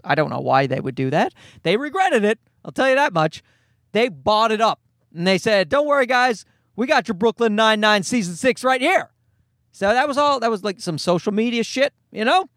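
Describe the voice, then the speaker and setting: A man telling a comedic rant with a profane, exasperated, animated delivery. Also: high voice, no echo, studio quality. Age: adult parent.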